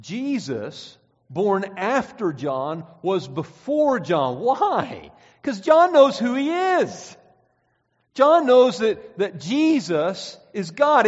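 A man with a fairly high voice preaches, reading verses aloud and driving home each point. His words ring out with a long reverb, as in a church sanctuary. The recording sounds slightly dull. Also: sing-song, slow. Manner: emphatic, rising and falling, reads scripture aloud. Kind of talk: sermon with scripture reading.

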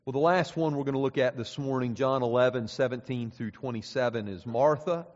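Pastor preaching in a reverberant hall. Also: male voice, medium pitch. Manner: swings from hushed and slow to loud climactic preaching. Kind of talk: sermon. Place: church sanctuary. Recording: dull sound with long reverb in a hall.

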